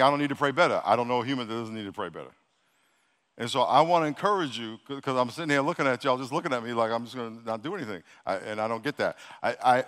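A male pastor preaching a sermon to his congregation, talking directly and repeating himself as he urges them to pray loud. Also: mid-range voice. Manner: exhorting, repeats himself, Southern-leaning casual speech; calls the congregation to loud prayer. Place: large church hall. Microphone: handheld or stage microphone. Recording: long hall reverb.

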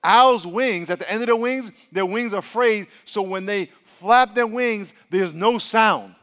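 A man preaching a sermon as pastor, telling a joking story and then leading a hushed, earnest prayer. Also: high voice.

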